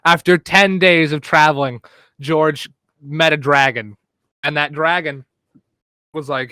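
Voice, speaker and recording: A man co-hosting a podcast, joking loudly and improvising a silly story in casual chat. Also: on the high side, a little slow, no echo, low-quality recording. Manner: loud, joking, swings between mumbles and excited shouts. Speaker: podcast co-host.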